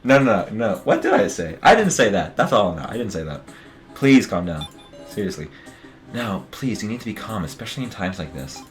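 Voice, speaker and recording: A man's voice: lowish voice, sing-song, brisk, faint music behind. A man streaming a game, joking and muttering asides to his viewers in casual commentary.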